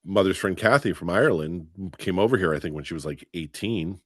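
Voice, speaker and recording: A man from Long Island with a softened New York accent, telling stories in an easygoing casual chat. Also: deep voice, animated, a little fast, breathy edge, dry recording, studio quality. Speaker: podcast co-host.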